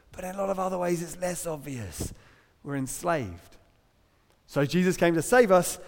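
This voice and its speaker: A man's voice: fairly high pitch, a little mellow, big-room sound. A middle-aged man with an English accent preaching a sermon in a conversational, humorous and emphatic way. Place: church hall.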